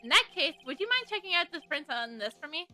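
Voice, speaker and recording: A young woman plays through a courtroom game and voices it with a bright, high voice. She is giggly and animated, with faint music underneath. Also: quick pace. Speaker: let's play voice actor. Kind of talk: playing and voicing a video game.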